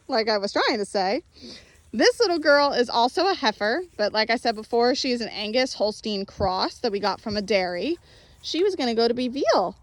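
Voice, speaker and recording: A woman's voice: expressive, normal speed. Chatty young woman touring her farm. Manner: chatty, upbeat, calls animals in a high voice. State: out of breath. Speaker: farm owner giving a tour. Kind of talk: casual walking tour vlog. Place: outdoors on a farm and in a barn. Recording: faint outdoor background noise.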